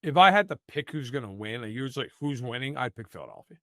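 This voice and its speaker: A man's voice: medium pitch, sing-song, fast talker, fairly bright tone, no echo, clean studio sound. A man giving blunt, opinionated football analysis in a casual podcast chat. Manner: emphatic, opinionated, many "like" fillers.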